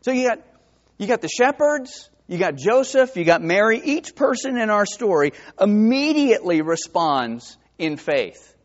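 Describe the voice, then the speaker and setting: A man from New Jersey with a New Jersey accent, preaching a sermon that swings from hushed to emphatic. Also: high voice, very animated, a little slow. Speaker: pastor. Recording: dull lo-fi sermon recording.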